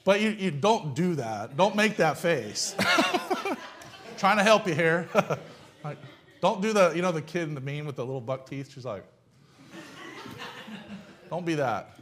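A man's voice: a little high, animated, unhurried, pauses often, a bit bright. A man preaching a sermon in a blunt, folksy way, firing off rhetorical questions. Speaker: pastor.

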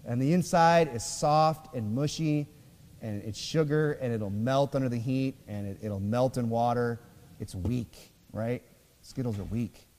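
A man's voice: medium pitch, unhurried, a little mellow. Man preaching in a reverberant hall. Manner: conversational preaching with many fillers, reads scripture aloud. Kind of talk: sermon. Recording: long reverb of a church hall.

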